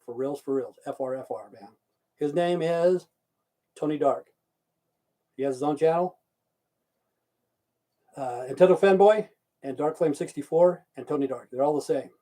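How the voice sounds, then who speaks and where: A man's voice: on the high side, dark tone. A man from Idaho hosting a live stream, chatting casually, swearing often and answering viewers' chat messages aloud. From Idaho, USA.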